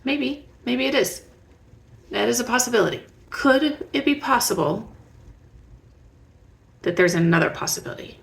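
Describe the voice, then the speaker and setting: Gravelly-voiced woman giving parenting advice. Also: on the high side, animated, normal speed, long pauses. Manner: warm, conversational, asks the listener reflective questions. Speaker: parenting educator. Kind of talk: direct-to-camera advice talk.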